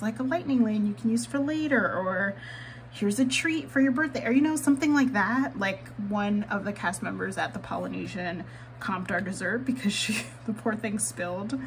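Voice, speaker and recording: A woman's voice: medium pitch, slight background noise, low-quality recording. A woman vlogger chatting candidly while she decorates her planner, swearing casually and laughing often.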